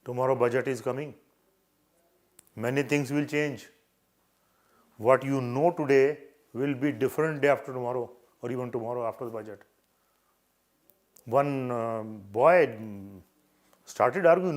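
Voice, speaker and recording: An older man with an Indian English accent speaks at a medium pitch, unhurried and pausing often. As an interview coach in a live advice session, he gives earnest, repetitive advice and acts out short exchanges.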